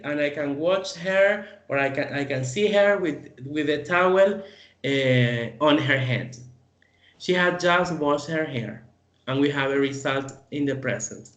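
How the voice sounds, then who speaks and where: A man's voice: a little high, a bit bright, roomy sound. A male English teacher whose first language is Spanish, patiently explaining grammar in an online class and often checking in with "okay?".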